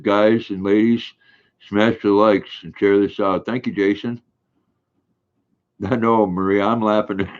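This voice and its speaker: Rich: A low-voiced older man hosts a casual live stream, rambling along as he reads viewer comments aloud and chuckles often. His low voice comes through a dull, lo-fi recording made at home with his dog. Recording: dull lo-fi sound.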